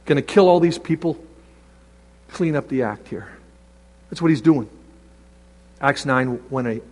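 A man preaches a lively sermon, reading scripture and acting out quick voices. His voice sits high for a man. The sound rings with the long reverb of a large hall. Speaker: pastor.

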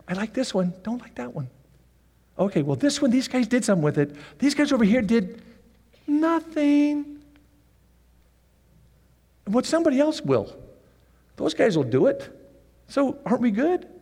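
A man's voice: sits high, darkish tone, husky, long reverb tail. A man preaching a sermon in a conversational way who acts out the scenes. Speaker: pastor.

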